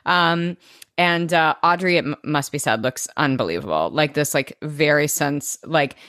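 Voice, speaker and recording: Low-voiced woman recapping a TV episode. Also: lively intonation, normal speed, a bit bright, no room sound, studio quality. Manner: chatty, many fillers and restarts. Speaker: podcast co-host. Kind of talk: casual recap chat.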